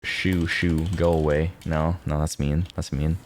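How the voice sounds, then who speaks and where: A man streaming casually, reacting to viewers' posts in an excitable, sweary way. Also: a bass voice, a little slow, a little hiss or hum. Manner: excitable, swears freely, jumps between mumbling and loud outbursts.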